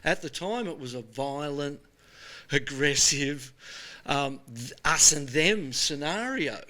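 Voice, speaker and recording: An Australian man in his sixties, an animated storyteller chatting casually as he is interviewed. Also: a little high, slow. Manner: animated storyteller, says "mate" often. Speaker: show host being interviewed. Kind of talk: casual chat.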